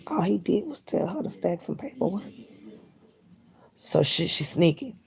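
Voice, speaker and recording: A woman tells a story in a blunt, animated casual chat, acting out each exchange. Her pitch swings widely and her voice carries a gravelly fry. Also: measured pace. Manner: blunt, animated, acts out quotes. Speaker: storyteller vlogger.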